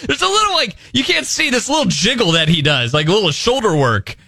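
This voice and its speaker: A male radio co-host who deflects teasing with wry, dry comebacks and a ready laugh. His voice moves up and down a lot, with a bright, forward tone. The room sound is dry and close. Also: high-pitched, very animated, fairly quick, vocal fry, dry recording. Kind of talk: casual radio banter.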